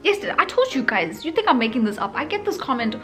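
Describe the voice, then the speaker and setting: A woman's voice: high voice, very animated, fast, faint music behind. A woman in her thirties from South Africa, speaking South African Indian English with a British tinge, chatting expressively and teasingly to camera in a casual vlog. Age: 30s. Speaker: vlogger.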